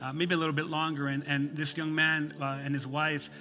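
A man's voice: a little high, little pitch movement, fairly quick, bright, forceful tone, faint music behind. A male pastor preaching a sermon, folksy and emphatic, telling a story with many restarts.

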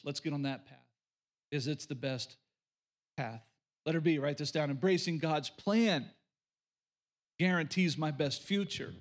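High-voiced pastor preaching with emphasis. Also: male voice. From rural Oklahoma. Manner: emphatic, repeats key lines, folksy asides. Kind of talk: sermon.

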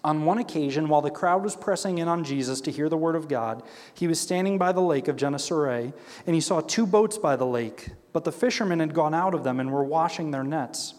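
A man's voice: fairly high pitch, fairly quick, a little mellow. A man leading a Bible study, reading scripture aloud and explaining it in a conversational way, often checking in with "right?". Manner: acts out quoted characters with shifting voice. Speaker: Bible teacher. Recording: long hall reverb.

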